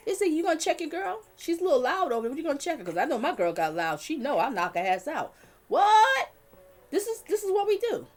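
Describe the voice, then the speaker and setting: A woman, hosting a livestream in a blunt, outspoken way, swearing and talking to her chat. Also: sits high. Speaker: livestream host. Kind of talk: casual livestream talk.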